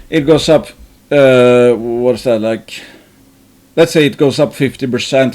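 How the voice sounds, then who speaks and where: A man's voice: medium pitch, fairly even intonation, slow pace, long pauses, darkish tone. Rambling man musing on investments. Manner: rambling, many restarts and fillers, casual swearing. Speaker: investing channel host. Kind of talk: thinking aloud about investing.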